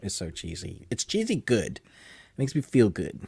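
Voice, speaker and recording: A man co-hosting a film podcast in a somewhat low voice. He rambles and laughs easily, and the sound is dry and close to the mic with no room echo. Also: huge pitch swings, a little slow, gravelly, warm tone, slightly rough. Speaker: podcast co-host. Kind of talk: casual chat.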